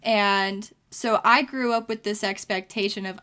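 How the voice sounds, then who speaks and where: Bright-voiced female podcast co-host. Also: mid-range voice, fairly even intonation, unhurried, hardly any pauses. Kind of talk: casual chat.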